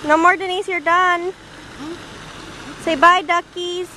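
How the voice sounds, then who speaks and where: A woman's voice: very high voice, fairly even intonation, slow pace, sharp tone. A woman filming her young child outdoors by a pond, coaxing and encouraging in a sing-song way on a handheld camcorder. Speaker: mother filming her toddler. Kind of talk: home video chatter. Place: outdoors by a pond in cold weather. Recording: noisy outdoor home video, traffic nearby.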